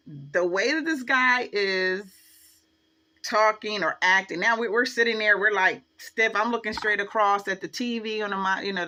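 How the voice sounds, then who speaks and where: A woman's voice: medium pitch, sharp tone. A woman telling a story to her channel in a casual, chatty way, full of fillers, acting out what each person said. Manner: chatty, filler-heavy, acts out the dialogue. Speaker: vlogger.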